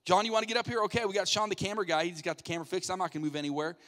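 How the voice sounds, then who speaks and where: A man pastor runs a light game from the stage, teasing and coaxing volunteers with quick asides. His voice sits a little high. The sound carries the long reverb of a church sanctuary. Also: steady tone, fairly bright tone. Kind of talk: playful audience hosting from the stage.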